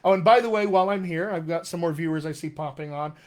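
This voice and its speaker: A man's voice: on the high side, fast, slight background noise. A man teaching accents on a live stream, reading viewer comments aloud in an upbeat, chatty, encouraging way. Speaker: dialect coach.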